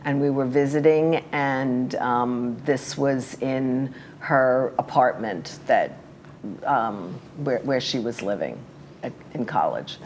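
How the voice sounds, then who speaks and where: A woman's voice: extremely low pitch, slow pace, a little mellow, slight background noise. An older woman, a guest in a casual interview, chatting about her life in a rambling way with fillers and small laughs.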